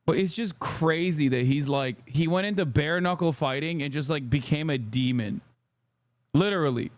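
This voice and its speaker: A man's voice: fairly high pitch, normal speed, no room sound. A man giving casual live-stream reaction commentary, exasperated and conversational with frequent cursing, close to the mic.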